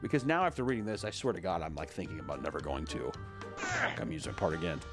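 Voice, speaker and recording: A man with a lively, swinging pitch, reading an article aloud in a casual way. He keeps breaking off into joking asides and quick rants. Faint music plays behind him. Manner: animated, joking asides, mock voices.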